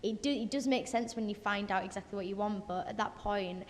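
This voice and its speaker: A woman's voice: medium pitch, fairly quick. A young woman, a singer talking casually in an interview, chatty with many fillers and restarts. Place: office space. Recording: long reverb in an office space.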